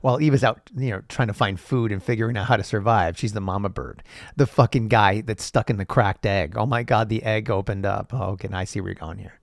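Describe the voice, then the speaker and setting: A man with a gravelly, low voice talks through texts in casual commentary. He swears freely, drifts off topic and lets sarcasm carry the talk. The recording is dry and close, with no room around it. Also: brisk, dry recording. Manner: profane, sarcastic, rambling, laughs at own jokes. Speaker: podcast host.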